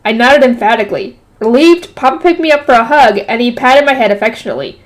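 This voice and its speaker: A woman's voice: on the high side, lively intonation, quick pace. A woman reading a light novel aloud, stopping often to add casual jokey comments. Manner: breaks off to comment and joke. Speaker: reader.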